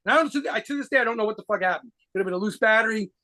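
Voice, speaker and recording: Fast-talking, swearing New man. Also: high voice, sharp tone. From United States. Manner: rapid profane anecdotes with laughs. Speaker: guitarist interviewee. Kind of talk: fast storytelling interview.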